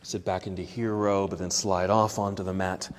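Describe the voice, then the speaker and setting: A man teaching a yoga class, calmly cueing poses step by step and easing toward relaxation, a little out of breath. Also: low-pitched, normal speed, long reverb tail. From United States. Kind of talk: guided yoga class instruction. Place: yoga studio.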